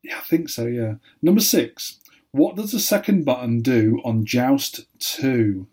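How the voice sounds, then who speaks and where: A man hosting a playful quiz, teasing and deadpan. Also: mid-range voice, a little slow, breathy edge. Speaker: podcast co-host, quizmaster.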